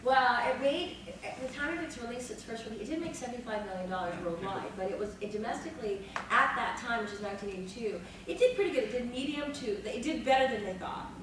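A fairly high-voiced woman in her fifties spins lively, dramatic stories from a film set, laughing and swearing as she goes. She sits well back from the microphone in a very echoey room with steady noise behind her. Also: fast talker, hardly any pauses. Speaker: actress panel guest. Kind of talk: animated anecdotal storytelling. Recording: echoey room, mic far off, noisy.

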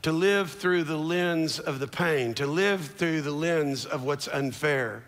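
A man preaching a sermon as a church's founding pastor on a large stage, swinging from low murmurs to shouted declarations. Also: slow pace, in a large hall.

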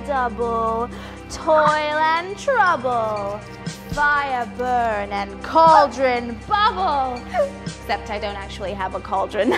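A vain, mischievous sorceress, played by a woman for a children's theatre show. Her high voice leaps about as she chants spells with slow, theatrical relish. Music plays behind her.

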